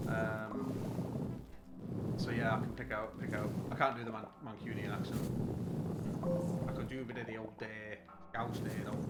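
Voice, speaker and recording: A British man chatting casually while streaming a game, rambling and restarting his sentences. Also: mid-range voice. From United Kingdom. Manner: rambling, full of restarts and fillers. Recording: roomy echo, background noise.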